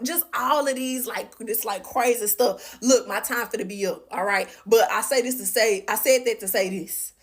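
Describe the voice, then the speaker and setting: Woman, casual storytelling, animated, fairly high pitch. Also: normal speed. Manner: animated, chatty, lots of fillers.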